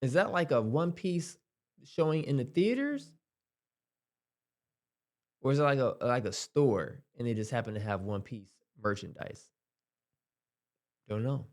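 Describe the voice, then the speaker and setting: A man's voice: medium pitch, lively intonation, a little slow, long pauses. A man hosting casual reaction commentary, rambling and exasperated, with many fillers. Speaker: host.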